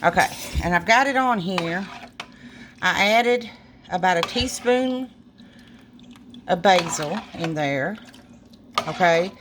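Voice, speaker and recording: She's a small restaurant cook chatting to y'all while cooking in her kitchen, using a lowish voice with lively intonation, slow delivery, and long pauses. The casual cooking video was shot on a phone camera and has background noise.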